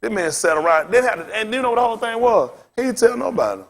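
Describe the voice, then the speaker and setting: A man leads a scripture lesson in a casual preaching style. His voice sits a little high, and he keeps pressing his listeners with rhetorical questions. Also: sing-song, fast talker, creaky, a bit bright. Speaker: pastor teaching a Bible lesson. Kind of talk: informal sermon-style teaching.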